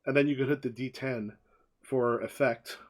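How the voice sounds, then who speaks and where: A man's voice: mid-range voice, steady tone, moderate pace. A man running a tabletop game as game master, rambling and repeating himself as he narrates.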